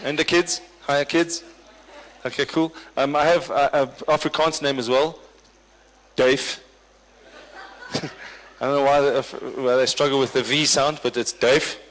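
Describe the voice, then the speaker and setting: At a corporate function in a large hall, a male comedian and event MC works the crowd, ribbing them in a dry, bantering style. He speaks at a moderate pace with a medium-pitched, steady, slightly bright voice, and long hall reverb trails each line.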